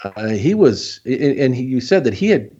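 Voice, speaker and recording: A man's voice: medium pitch, very animated, normal speed, mellow, slightly rough, highs cut off. A man hosting a podcast, asking long, searching questions with frequent hesitations. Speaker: podcast host. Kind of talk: casual interview.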